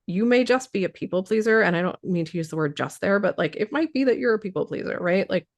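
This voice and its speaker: A woman's voice: medium pitch, expressive, fast. A woman who is losing her voice explains trauma responses in casual talk, thoughtful, with many fillers and restarts.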